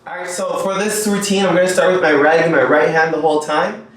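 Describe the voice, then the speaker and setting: A man's voice: on the high side, little pitch movement, a little fast, a bit bright. Young man, dance instructor, upbeat, counts and scats beats, very echoey room, distant mic.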